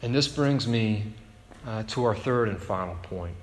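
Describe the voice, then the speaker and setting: A male pastor preaching a sermon in a relaxed, conversational way, often checking in with the congregation by asking "right?". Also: lowish voice, unhurried. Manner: conversational, frequent "right?" tag questions. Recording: echoey hall with long reverb.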